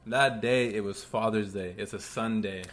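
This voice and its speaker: A young man telling a story on a casual podcast chat, relaxed and loose, with lots of fillers. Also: fairly low pitch, moderate pace. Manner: laid-back storytelling with frequent fillers. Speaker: podcast co-host.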